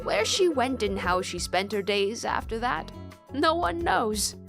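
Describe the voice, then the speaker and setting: A woman voicing a gentle older woman, a retired stage performer, telling a story in a soft, measured way while reading a game aloud. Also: on the high side, very animated, vocal fry, over music, full character voice. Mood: wistful.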